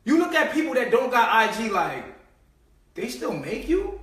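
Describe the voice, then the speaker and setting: High-voiced, profane man in an echoey room. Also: huge pitch swings, fairly quick, a little hiss or hum. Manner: streetwise, profane, mocking, swings between low mutters and loud outbursts. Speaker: host. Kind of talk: casual live-stream monologue. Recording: echoey room, far from the mic.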